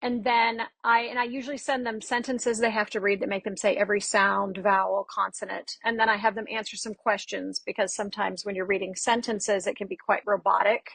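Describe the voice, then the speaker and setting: A woman who works as a dialect coach, speaking as a guest on a podcast. She tells lively stories and acts out the exchanges she quotes. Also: mid-range voice, brisk, vocal fry, hardly any pauses, breathy edge, no room sound. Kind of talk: casual interview chat.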